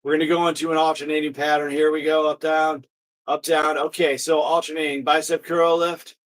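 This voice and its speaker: A man's voice: a little high, little pitch movement, fairly quick. Upbeat, encouraging male exercise instructor. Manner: upbeat, encouraging, storytelling between cues. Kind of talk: online exercise class with chat.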